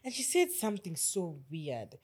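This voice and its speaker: A woman's voice: fairly low pitch, moderate pace, slightly rough. Woman in her 20s telling stories. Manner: animated storytelling, acts out quoted lines. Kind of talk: casual chat.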